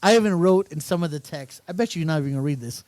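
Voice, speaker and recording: A man's voice: a little high, rapid-fire, no room sound. A man co-hosting a casual podcast, telling a story with lots of laughter and quoted lines. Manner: animated storyteller, laughs often, mimics texts. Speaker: podcast co-host. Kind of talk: casual chat.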